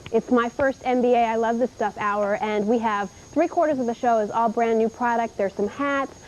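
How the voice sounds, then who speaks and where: A woman's voice: on the high side, fairly even intonation, normal speed, darkish tone, a little hiss or hum. A young woman from Indiana hosting a live TV shopping show, chatty and upbeat as she demonstrates cookware. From Indiana, USA. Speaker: home shopping host. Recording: dull 1990s TV broadcast tape.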